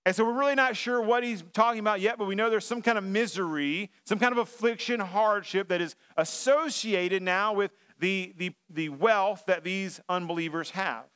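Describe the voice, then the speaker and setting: A man's voice: high-pitched, normal speed, few pauses, a bit bright, clean tone. A male pastor preaching a sermon in a church sanctuary, in a conversational style with frequent fillers and restarts.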